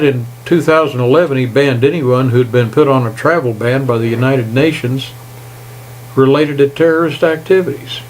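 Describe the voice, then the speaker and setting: An older man giving a folksy, indignant political rant, pausing to read stumblingly from notes. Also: medium pitch, slight background noise, rough recording. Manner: folksy, reads haltingly, indignant. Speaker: political commentator. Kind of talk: opinion rant to camera.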